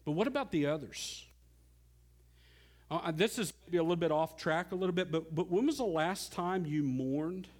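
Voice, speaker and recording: Male pastor, middle-aged, earnest pulpit delivery with sharp dynamic swings, slightly high voice. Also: expressive, normal speed. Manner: earnest preaching, dropping soft and rising loud. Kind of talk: sermon.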